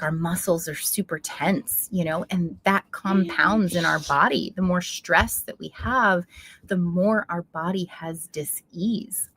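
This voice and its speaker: A woman hosting a casual livestream, earnest and affirming as she reflects and thanks her viewers. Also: fairly low pitch. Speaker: livestream host. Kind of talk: casual live chat reading comments.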